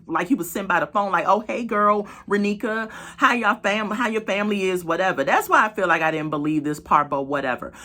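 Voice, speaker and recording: A woman casually recapping a reality show episode, talking straight to her viewers and acting out what people said. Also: on the low side. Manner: animated storytelling, acts out quotes; chatty, laughs, talks to viewers as "y'all" and "girl".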